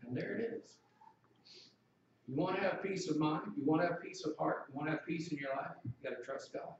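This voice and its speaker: A man's voice: fairly high pitch, fairly quick, very echoey, far from the mic, lo-fi sound, a little hiss or hum. A man preaching a sermon in a conversational way, asking the congregation questions.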